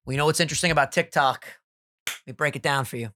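A man's voice: fairly high pitch, very fast, bright, forceful tone. A young man from New York with a New York accent, co-hosting a podcast in casual, profane banter and mimicking people he talks about. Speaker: podcast co-host.

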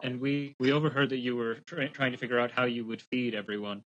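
A man's voice: medium pitch, flat delivery, fast talker, fairly bright tone. A man joking casually as a player in a tabletop game. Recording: dull lo-fi with faint noise.

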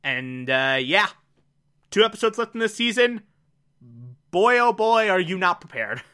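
This is a relaxed solo recap of a TV episode, delivered at an unhurried pace. The speaker has a bright, sharp-edged tone. They keep breaking into amused laughter and gush over their favorite parts. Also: mid-range voice, smooth. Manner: laughs often between sentences; amused, gushing. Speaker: show recapper. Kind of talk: casual recap monologue.

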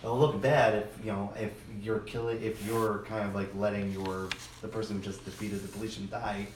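A man answering a question in class, hesitant and searching for his words. His voice sits low and sounds roomy, picked up from across the room with a faint hum behind it. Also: little pitch movement, brisk. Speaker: student. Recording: roomy, distant classroom mic.

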